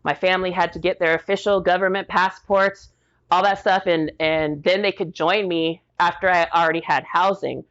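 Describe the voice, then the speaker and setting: A woman's voice: fairly low pitch, normal speed. A woman in her forties, an Army veteran, telling her story in a casual interview and acting out what people said. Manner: lively retelling, acts out quoted dialogue. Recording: dull lo-fi audio.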